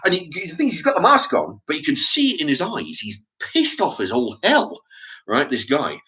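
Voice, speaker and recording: A man's voice: fairly high pitch, huge pitch swings, normal speed, bright, forceful tone. A man telling a story in a casual vlog monologue, swearing freely and often restarting his sentences, checking in with "right?". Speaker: vlogger.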